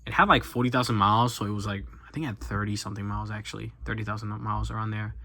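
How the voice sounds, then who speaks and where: Rambling young man with a bright voice. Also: lowish voice, fairly even intonation, rapid-fire, no echo. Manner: rambling, self-deprecating, many fillers and restarts. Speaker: YouTuber. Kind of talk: casual chat while opening cards.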